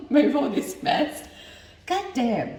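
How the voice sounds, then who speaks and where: A young woman films a cooking vlog in her home kitchen, chatting and thinking aloud as she cooks and swearing when things go wrong. Her high, mellow voice has big pitch swings and comes extremely slowly. The mic sits at a distance in an echoey kitchen with slight background noise.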